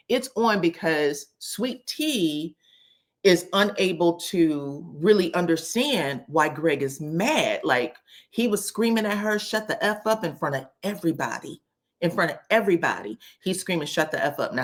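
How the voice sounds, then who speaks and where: A woman with a somewhat low-pitched voice talks through a casual recap as host. She is chatty and animated in her delivery, checking in with her listeners in quick asides. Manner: chatty and expressive, frequent "okay?" asides. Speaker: host recapping a reality show. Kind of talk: casual commentary.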